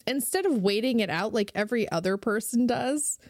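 A woman's voice: on the high side, lively intonation, a little fast, darkish tone, dry recording, studio quality. A young adult woman, a podcast guest, ranting sarcastically and animatedly in casual chat.

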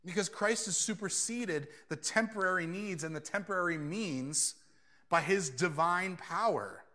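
A man delivers a sermon with a bright, forceful tone pitched a little high. He talks casually with his listeners and keeps acting out quoted speakers in a lower voice. It sounds like a pastor at a church. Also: a little slow. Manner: conversational, drops into quoted voices.

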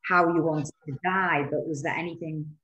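Low-voiced woman host in a roomy echo. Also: steady tone, normal speed, a bit bright, lo-fi sound. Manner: hesitant, probing questions. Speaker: podcast host. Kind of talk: interview questions.

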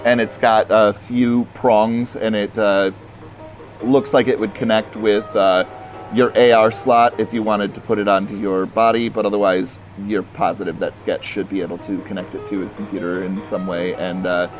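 A man narrating a tabletop role-playing game as game master, halting with many fillers. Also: fairly low pitch, flat delivery, soft background music.

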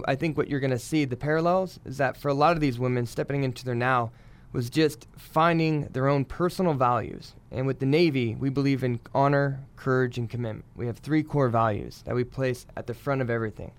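An earnest man talking as a navy public affairs officer, warm in purpose and full of small fillers. His voice is smooth and clear, at a middle pitch. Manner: earnest, promotional, many fillers. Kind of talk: radio interview guest.

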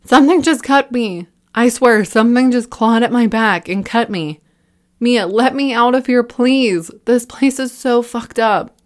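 A woman's voice: medium pitch, moderate pace, lightly acted. A woman reading a horror story and voicing a panicked young man who is near tears and bitter.

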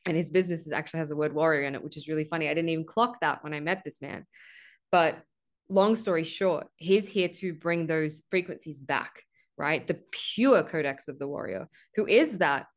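A woman with a notably low voice hosts a spiritual podcast, speaking earnestly and at length. She leans on a repeated "right?" and drops swear words for emphasis. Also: normal speed. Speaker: podcast host. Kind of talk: spiritual monologue.

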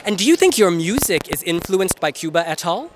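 Woman host, animated swooping delivery, bubbly and exclamatory. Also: fairly low pitch, fairly quick, noisy background. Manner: bubbly, exclamatory, laughing easily. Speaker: interviewer. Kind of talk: casual interview chat.

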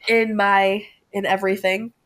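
A woman guest, a cosplayer from Connecticut, telling a story in an animated way and laughing often. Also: medium pitch, normal speed. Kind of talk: casual podcast chat.

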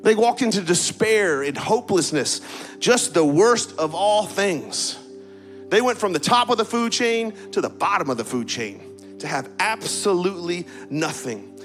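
A male pastor preaching a sermon in a lively, conversational way, often adding "right?" and getting the congregation to repeat words back. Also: sits high, a little slow, faint music behind. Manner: energetic, conversational preaching with frequent "right?" asides. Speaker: campus pastor.

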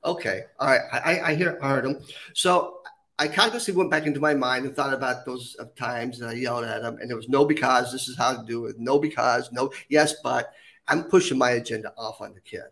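A man's voice: mid-range voice, a little fast, gravelly. A middle-aged man, a podcast guest, telling stories and acting out the voices of others. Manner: animated, acts out quoted voices. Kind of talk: storytelling in an interview.

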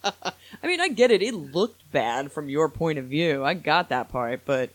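Opinionated, bright-voiced male podcast host. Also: on the high side, no echo. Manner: opinionated, animated, quick to laugh. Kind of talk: casual chat.

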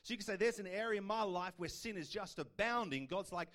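High-voiced man preaching. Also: lively intonation, fast talker, a bit bright. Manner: conversational preaching with rhetorical questions. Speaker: pastor. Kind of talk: sermon.

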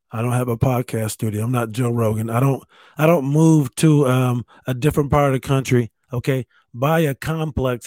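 A man's voice: mid-range voice, darkish tone, no room sound. Rambling, profane podcasting man. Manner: rambling, profane, self-mocking. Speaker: podcast host. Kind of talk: casual solo podcast chat. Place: spare bedroom at home.

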